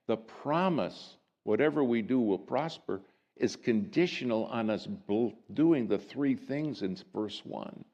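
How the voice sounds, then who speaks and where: A man preaching a sermon, telling a personal story in a folksy, dramatic way that swings from soft hushes to lively rises. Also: medium pitch, measured pace, lo-fi sound. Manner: folksy and conversational.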